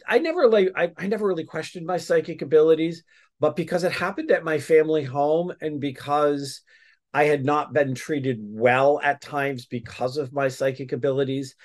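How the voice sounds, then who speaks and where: Man rambling through a story. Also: a little high. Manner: rambling, with many restarts and fillers. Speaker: guest. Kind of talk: casual storytelling interview.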